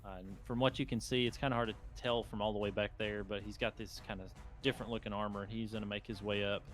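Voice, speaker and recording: Low-voiced man running a tabletop game. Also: flat delivery, fast, fairly bright tone. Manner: loose, rambling description with fillers. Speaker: game master.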